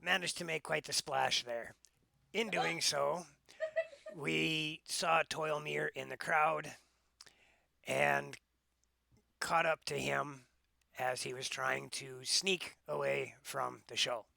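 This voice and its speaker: A man playing a tabletop game, speaking his character in a measured, politely formal way. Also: fairly high pitch, fairly even intonation, creaky, sharp tone, no echo. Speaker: player.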